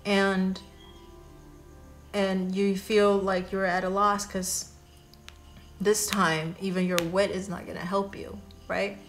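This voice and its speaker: A woman giving a casual tarot reading, chatty and warm in her advice, with frequent fillers, restarts and "right?" tag questions. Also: medium pitch, little pitch movement, slow pace, pauses often, soft background music. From Asia. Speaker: tarot reader.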